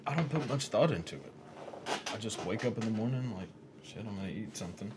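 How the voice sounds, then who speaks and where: A man's voice: on the low side, lively intonation, fast talker. A man in casual podcast chat who talks in a laid-back way, swearing and joking. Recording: clear background noise.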